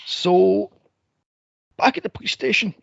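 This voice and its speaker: A man co-hosting a movie podcast, animated and sweary, laughing and acting out scenes in casual chat. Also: sits high, unhurried, vocal fry, no room sound. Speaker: podcast co-host. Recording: dry, dull lo-fi podcast audio.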